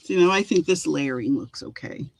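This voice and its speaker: A woman's voice: low voice, lively intonation, normal speed, gravelly, no echo, low-quality recording. A woman co-hosting a casual livestream, reading out chat comments and asking curious questions. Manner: chatty, curious, asks questions.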